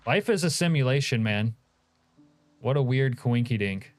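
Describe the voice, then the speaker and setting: A man's voice: mid-range voice, lively intonation, normal speed, pauses often. A man streaming a game, chatting casually and joking as he reacts to his chat.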